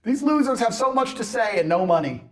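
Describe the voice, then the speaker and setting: A man ranting on a podcast in a boastful, mocking way, mimicking people in loud bursts. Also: high-pitched, big pitch swings, brisk. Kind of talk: animated podcast rant.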